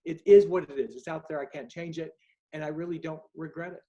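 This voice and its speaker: A man's voice: on the high side, fast talker, warm tone, low-quality recording. Candid middle-aged man telling stories. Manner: candid, anecdotal, acts out dialogue. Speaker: author guest. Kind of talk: storytelling in an interview.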